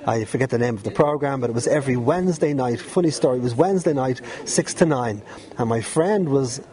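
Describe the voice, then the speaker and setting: A man's voice: medium pitch, fairly quick, warm tone. A middle-aged man with a Dublin Irish accent, chatty and rambling as an interview guest, laughing often while telling stories. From Dublin, Ireland. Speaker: guest, former pirate radio DJ. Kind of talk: relaxed storytelling interview.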